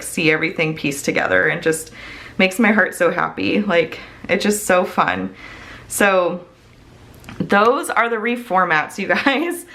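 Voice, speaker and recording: A woman's voice: mid-range voice, vocal fry, fairly bright tone. A woman in her thirties chatting casually to her viewers, gushing and laughing, with filler words all through and a throat strained from coughing. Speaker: small business owner and host. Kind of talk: casual chat.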